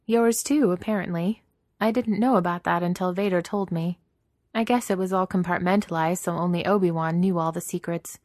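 A woman reading aloud, voicing a calm, matter-of-fact female alien warrior. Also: lowish voice, fairly quick, dry recording, voice pushed up, close to an everyday voice.

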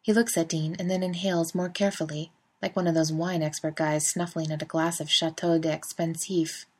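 A woman's voice: deep voice, flat delivery, brisk. A woman narrating a fan fiction story in a wry, conversational way. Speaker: reader. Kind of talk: fan fiction audiobook reading.

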